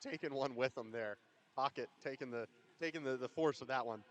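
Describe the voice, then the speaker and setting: A man doing live roller derby commentary from an arena on a headset mic, shouting out the big plays. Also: mid-range voice, fairly quick, slight background noise. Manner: excitable, yells big plays.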